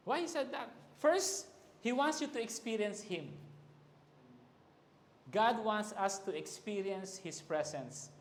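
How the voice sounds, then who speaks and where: A man's voice: high voice, fairly quick. A man preaching a sermon, mixing English and Tagalog and raising his voice for quoted cries. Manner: switches between English and Tagalog, rises to loud emphasis on quoted cries. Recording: echoey hall reverb.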